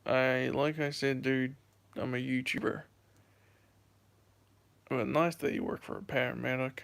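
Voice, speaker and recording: A man's voice: medium pitch, fairly even intonation, measured pace, vocal fry, a bit bright, clean tone. A young man in his late teens from the United States, chatting casually on a phone livestream, rambling and repeating himself as he answers chat. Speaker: YouTuber livestreaming. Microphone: handheld phone.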